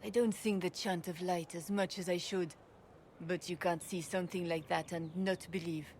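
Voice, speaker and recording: A woman's voice: fairly low pitch, fairly even intonation, normal speed, a little mellow, slight background noise, lightly acted. A woman voicing a devout former guard captain in a video game, speaking earnestly.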